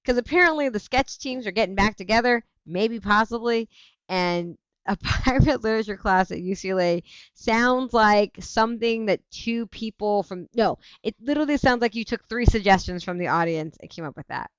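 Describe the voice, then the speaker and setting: A woman's voice: mid-range voice, normal speed, clean tone, no room sound, muffled recording. A woman hosting a livestream, chatting casually and reacting to viewer comments with frequent laughter. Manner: animated, laughing often, self-interrupting. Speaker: livestream host.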